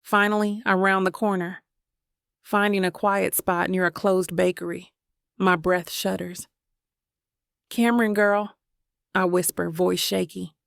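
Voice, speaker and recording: A woman narrating a romance audiobook in the first person, telling it in a slow, deliberate way. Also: on the low side, little pitch movement, gravelly, a bit bright, clear, resonant tone, no room sound, studio quality.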